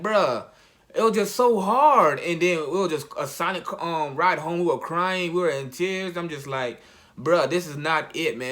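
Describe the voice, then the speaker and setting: A young man, a college athlete, telling a personal story in a casual, slang-heavy, halting way. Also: on the high side, a bit bright. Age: young adult.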